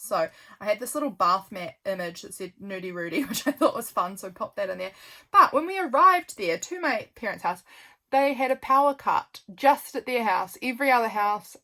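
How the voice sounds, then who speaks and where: A woman's voice: medium pitch, expressive, a little fast. A woman chatting casually while flipping through her journal, rambling with lots of "um" and "like", her voice worn out from a long filming session. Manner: rambling, with frequent "um" and "like" and soft laughs. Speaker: junk journal vlogger.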